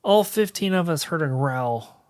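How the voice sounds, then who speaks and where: A man's voice: fairly high pitch, animated, a little slow. A man in casual podcast chat, telling a story in loose, rambling run-on sentences full of fillers.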